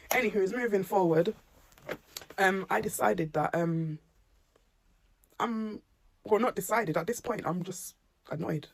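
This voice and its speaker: A woman's voice: fairly low pitch, creaky, slight background noise. A woman, a mum of children with special needs, animatedly retelling a personal incident to camera and acting out the dialogue. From England. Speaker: SEN mum telling her story.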